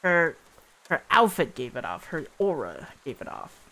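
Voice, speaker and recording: A woman streamer reading a visual novel live and reacting with excited, gushing comments. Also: low voice, moderate pace.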